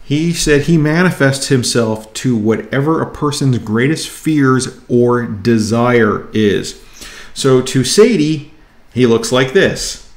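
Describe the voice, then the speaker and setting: A man casually reviewing his weekly comic haul, enthusiastic and excitable. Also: medium pitch, echoey room.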